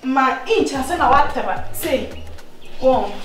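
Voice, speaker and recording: Ghanaian woman, high and bossy, comedy skit, loud music bed. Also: expressive, takes it slowly. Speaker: comedy actor. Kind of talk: skit dialogue.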